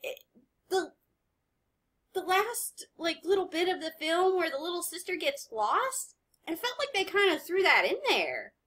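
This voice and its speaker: A woman hosting an anime reaction video, chatting casually and rambling as she pauses to comment. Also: extremely high pitch, sing-song, bright, forceful tone.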